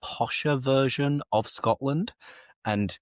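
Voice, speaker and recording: A young man hosting a slow, clear conversation for English learners, speaking in a measured, reflective, explanatory way. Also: medium pitch, no echo, studio quality. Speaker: English teacher, host.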